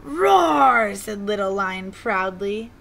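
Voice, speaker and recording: Expressive woman reading a storybook. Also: fairly high pitch, unhurried, creaky. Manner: gentle, expressive. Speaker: teacher reading aloud. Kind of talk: children's storybook read-aloud.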